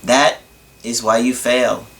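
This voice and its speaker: A man's voice: mid-range voice, level tone, takes it slowly, gravelly, a bit bright, pitched below the performer's own voice. A man voicing a small, ancient, stern alien master who scolds his pupil in inverted word order.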